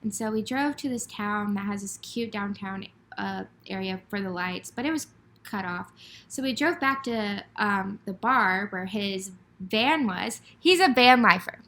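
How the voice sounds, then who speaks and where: A woman's voice: medium pitch, a little slow, fairly bright tone, slight background noise. Giggly young woman gushing about a date. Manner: gushing, giggly, heavy use of "like". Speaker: podcast co-host. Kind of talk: casual storytelling chat.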